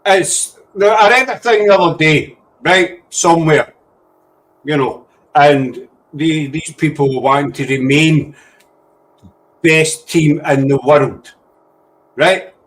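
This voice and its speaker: A man's voice: on the high side, slow, a bit bright, rough recording. A man hosting a casual chat, rambling and easily sidetracked. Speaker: host.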